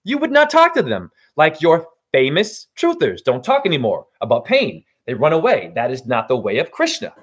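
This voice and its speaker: Casting note: man in his forties, high voice with wide swings, livestream spiritual monologue, profane. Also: huge pitch swings, moderate pace, few pauses. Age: 40s. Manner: swings from low preaching to high shouts, swears. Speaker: spiritual teacher.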